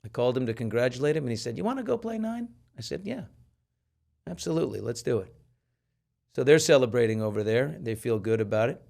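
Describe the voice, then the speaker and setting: A male talk show host in a casual chat, spinning stories with lively energy and slipping into voices for the people in them. His voice sits at an ordinary middle pitch. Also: fast, creaky. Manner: animated storyteller who acts out quoted people.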